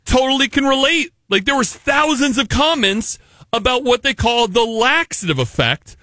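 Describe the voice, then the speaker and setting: A man hosting morning radio with a high, bright voice that swings widely in pitch. He teases and jokes in casual banter, close to the mic in a dry studio. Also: expressive, normal speed, no echo. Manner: teasing, jokey banter. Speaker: radio morning show host. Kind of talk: casual on-air chat. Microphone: studio microphone.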